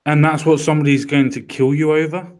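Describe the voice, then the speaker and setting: A man's voice: fairly high pitch, level tone, fairly quick, a little mellow. A man in casual commentary chat, blunt and profane, ranting about a news story.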